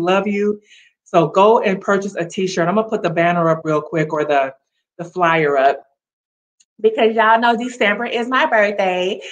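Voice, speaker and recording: A woman hosting a motivational livestream, encouraging viewers directly with a preachy, upbeat manner. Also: mid-range voice. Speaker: livestream host. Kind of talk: casual motivational livestream talk.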